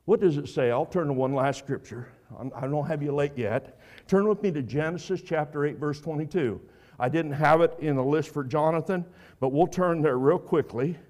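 A man preaching a sermon, reading scripture and swinging between emphatic outbursts and quiet asides. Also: on the high side, normal speed.

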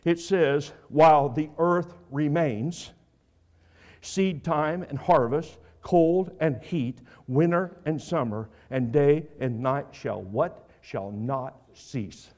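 A man preaching a sermon, reading scripture and swinging between emphatic outbursts and quiet asides. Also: fairly high pitch, slow pace.

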